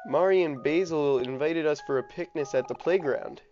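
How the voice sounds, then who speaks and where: A gamer voicing a calm, responsible older boy with a gentle, peacemaking manner, over a dull lo-fi mic with faint game music. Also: medium pitch, normal speed, natural voice. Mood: friendly.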